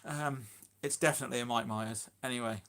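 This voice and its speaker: A man's voice: medium pitch, steady tone, normal speed, a bit bright. Rambling chatty man. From Shropshire, England. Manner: rambling, chatty, self-deprecating, full of fillers. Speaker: allotment gardener and live streamer. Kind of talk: casual live-stream chat. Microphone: phone.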